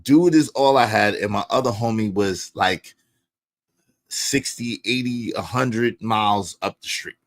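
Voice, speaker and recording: A man telling a personal story in profane street slang, swinging between low mutters and loud outbursts. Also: unhurried. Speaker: podcast storyteller. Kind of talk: animated storytelling.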